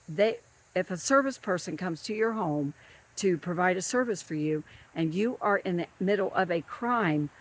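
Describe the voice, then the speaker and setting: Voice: mid-range voice, a bit bright. A government field worker ranting in a monologue, emphatic and repetitive, who keeps stressing the same words.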